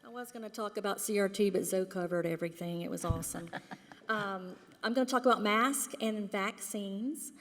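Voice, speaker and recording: A woman's voice: medium pitch, moderate pace, a bit bright. A woman giving an impassioned public comment at a school board meeting, emphatic and indignant, sometimes dropping to a whisper. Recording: long reverb of a meeting hall.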